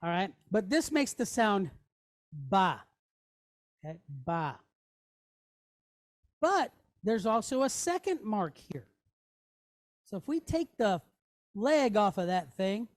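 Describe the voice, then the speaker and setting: A woman's voice: medium pitch, big pitch swings, slow, pauses often, dry recording. A woman teaching a class in a chatty way, often checking in with "okay?" and "right?". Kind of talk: classroom lesson.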